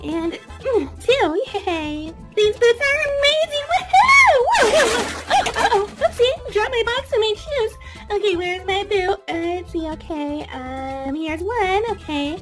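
Woman as excitable vain doll, very high voice, bursts of squeals. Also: slow, faint music behind, exaggerated voice. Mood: excited. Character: bubbly, self-absorbed young woman doll. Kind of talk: toy play voice acting.

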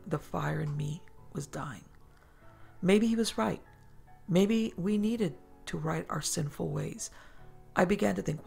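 A woman host narrating a first-person horror story in a measured, dramatic way. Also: lowish voice, creaky, darkish tone, husky, soft background music.

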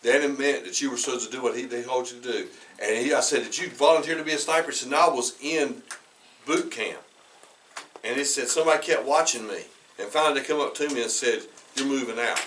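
A man, preaching a sermon as pastor and telling stories, who talks conversationally, repeats words, restarts and often clears his throat. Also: mid-range voice, a little fast, recorded from a distance, a little hiss or hum, poor audio. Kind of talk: sermon with personal storytelling. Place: church sanctuary. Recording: bright voice heard from away from the mic.

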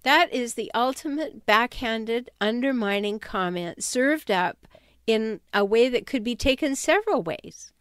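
A woman giving advice on toxic relationships in an emphatic, animated way. She sometimes drops her voice to act out quoted sarcastic remarks. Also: fairly high pitch, measured pace, smooth, no echo, clean studio sound. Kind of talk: talking-head advice video.

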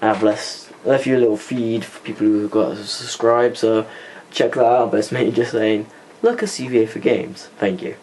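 A young male vlogger with a lowish, slightly mellow voice chats casually at normal speed and fairly even intonation while playing a computer game indoors, rambling and muttering curses at the game under his breath. It's a noisy home recording on a hand-held camera mic.

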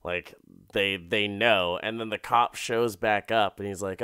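A man's voice: on the low side, steady tone, measured pace, pushed and bright, smooth, no room sound, studio quality. A man hosting a podcast, retelling an episode in a casual, profane, rambling way full of fillers. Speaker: podcast host. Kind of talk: casual comedic episode recap.

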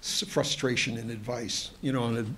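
A man's voice: medium pitch, steady tone, a little fast, bright, forceful tone, a little hiss or hum. A man, a museum historian, giving a lecture to an audience, hesitant with many fillers and restarts, and chatty with joking asides.

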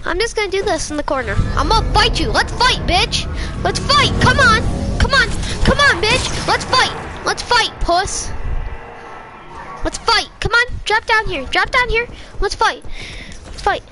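A man's voice: very high-pitched, lively intonation, brisk, music in the background. A man voicing a hyper, foul-mouthed young boy who taunts other players in an online game with crude, giggly trash talk. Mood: taunting. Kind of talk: comedic voice trolling in an online game.

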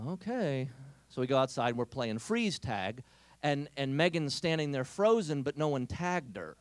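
A man giving a comic storytelling talk at a Catholic youth event, animated and acting out the characters' voices. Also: mid-range voice, normal speed, no room sound.

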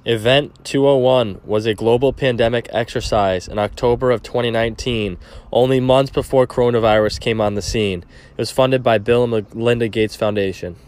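A man's voice: mid-range voice, fairly even intonation, normal speed, darkish tone. A man giving an insistent, preachy monologue to camera. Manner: earnest, insistent.

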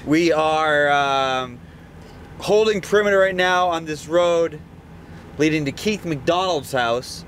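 A man's voice: fairly high pitch, takes it slowly, a bit bright, a little hiss or hum. A man hosting a bounty hunting vlog, talking in a casual, joking, rambling way from inside a car. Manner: joking, laid-back, rambling. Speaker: bounty hunter host.

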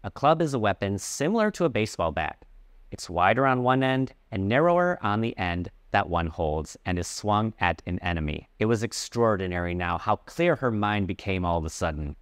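A man teaching English, reading a story aloud and clearly explaining words along the way. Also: on the low side, big pitch swings, normal speed, dry recording, studio quality.

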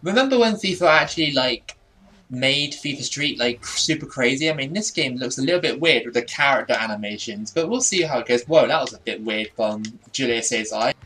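A young man casually commenting on his gameplay, chatty and self-deprecating, laughing often and bursting out excitedly at goals. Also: mid-range voice, fairly quick. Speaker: gaming YouTuber.

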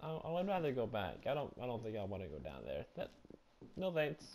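Jumpy, profane male gamer doing let's play commentary; very animated, noisy recording. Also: on the low side, fast. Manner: jumpy, profane, loud frightened outbursts.

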